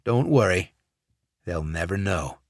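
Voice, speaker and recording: A man voicing a cold, ruthless male covert operative who speaks in a calm, clipped, controlled way. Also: low voice, measured pace, dry recording, studio quality, full character voice.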